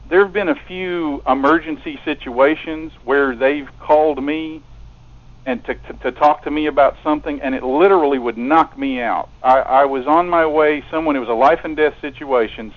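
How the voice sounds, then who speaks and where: Man, radio guest, earnest, stammering repeats, tinny phone-line sound. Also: on the high side. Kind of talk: casual phone conversation. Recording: narrow telephone line.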